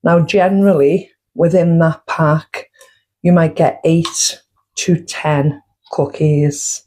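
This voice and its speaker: Slow-talking woman, baking vlogger. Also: deep voice, steady tone, warm tone, low-quality recording. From United Kingdom. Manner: chatty, counts out costs step by step. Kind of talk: casual cooking vlog.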